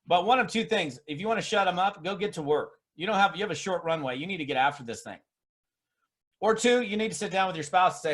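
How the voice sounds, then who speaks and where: A man's voice: high voice, expressive, quick pace, a bit bright. A man giving a motivational talk to a seminar audience on network marketing, emphatic and fond of mocking put-on voices.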